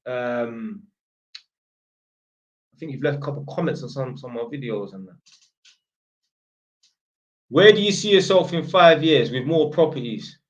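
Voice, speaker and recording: A man's voice: mid-range voice, animated, normal speed, pauses often, highs cut off. A man from Northampton, talking bluntly and casually in slang as he answers viewer questions on a livestream. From Northampton, England. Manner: blunt, slang-heavy, swears freely.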